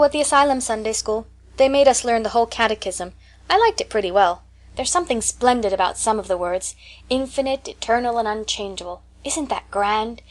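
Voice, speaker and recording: A woman's voice: a little high, lightly acted. A woman reading an audiobook and voicing a talkative, dreamy eleven-year-old orphan girl in a raised, eager voice.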